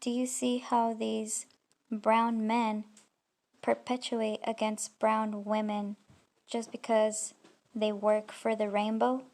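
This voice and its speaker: A woman's voice: fairly high pitch, flat delivery, slow, darkish tone. A woman commenting on clips in a reaction video, talking in an accusatory, rambling and scornful way. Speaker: YouTube commentator.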